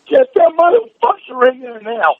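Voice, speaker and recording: Very high-voiced man, furious and swearing. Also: big pitch swings, moderate pace, dry recording. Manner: furious, swearing nonstop, demanding. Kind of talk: heated phone call. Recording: dull phone line recording.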